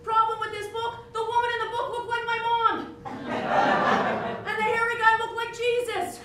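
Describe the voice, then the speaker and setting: A middle-aged woman doing a solo stand-up show, animated, breaking into song and mock voices. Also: very high-pitched, a little slow, slight background noise. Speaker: stand-up comedian. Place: theater stage. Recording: distant, echoey stage recording with music.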